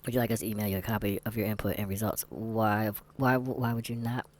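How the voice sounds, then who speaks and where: A man's voice: fairly low pitch, little pitch movement, fast talker. A man vlogging candid commentary while taking a test, rambling, sarcastic and muttering asides to himself.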